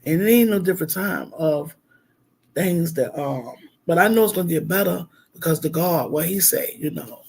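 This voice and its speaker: A man's voice: a little high, moderate pace, gravelly, darkish tone, slightly rough. A middle-aged man, a minister, talking heartfelt and rambling on a casual livestream, with lots of fillers.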